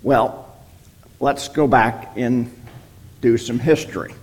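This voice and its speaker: A man leads a Bible study in an unhurried, deliberate way, pausing often to ask "okay?" His voice sits at an ordinary middle pitch and moves at a slow, steady pace. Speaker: Bible teacher.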